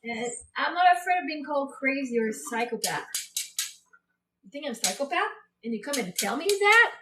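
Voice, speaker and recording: A woman's voice: sits high, big pitch swings, a little fast, fairly bright tone, echoey room, distant mic, a little hiss or hum, rough recording. A woman live-streaming from home, chatting and laughing with her viewers. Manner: laughing, talking to chat. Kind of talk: casual live chat.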